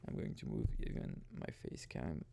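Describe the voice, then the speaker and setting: A man's voice: normal speed, dark tone, slight background noise. A young man giving rambling, casual gameplay commentary, often restarting and swearing casually. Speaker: gaming video host.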